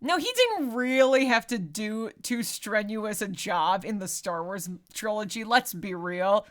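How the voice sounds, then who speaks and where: A woman co-hosting a podcast, telling the story of a movie in a casual, lively way, with swearing and frequent laughter. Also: mid-range voice, unhurried. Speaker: podcast co-host. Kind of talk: casual movie recap chat.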